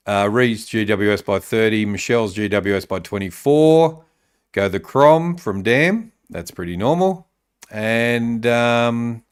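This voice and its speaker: A man's voice: mid-range voice, clear, resonant tone. An Australian man hosting a casual live-streamed talk show, reading out viewer comments with lots of ums and uhs. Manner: reads viewer tips aloud, many ums and uhs. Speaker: podcast host.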